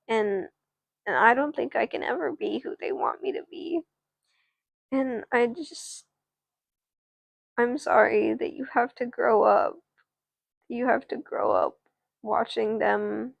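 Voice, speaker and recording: A woman voicing a gentle, sad big sister who comforts her younger sibling in a doll-play story. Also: on the high side, gravelly, dry recording, full character voice. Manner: soft and comforting.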